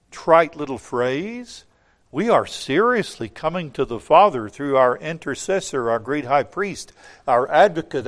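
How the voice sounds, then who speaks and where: Emphatic preacher with a higher voice. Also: male voice. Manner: emphatic, rising to loud peaks then dropping low; repeats phrases for emphasis. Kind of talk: sermon.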